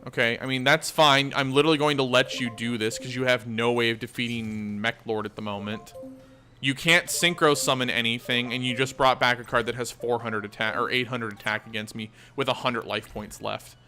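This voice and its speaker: A man's voice: medium pitch, steady tone, fairly quick, bright, forceful tone. A man hosting a gaming channel, chatting casually and thinking aloud as he plays. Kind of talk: casual let's-play commentary.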